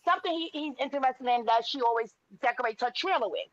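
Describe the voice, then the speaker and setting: Woman, high voice, gossip co-host, retells stories with quotes, dull lo-fi sound. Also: quick pace. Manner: retells stories acting out quotes, frequent "wait" interjections. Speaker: podcast co-host. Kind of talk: casual gossip chat.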